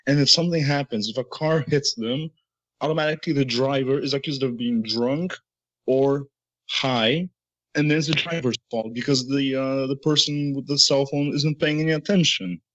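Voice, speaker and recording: Brief: halting, rambling male guest, dull dry audio. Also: medium pitch, no echo. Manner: rambling, halting, many fillers. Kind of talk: casual discussion.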